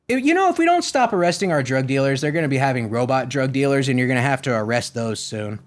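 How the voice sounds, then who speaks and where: A man's voice: medium pitch, big pitch swings, quick pace. Profane, sarcastic ranting man. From Florida. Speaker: podcast host. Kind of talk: comedic rant.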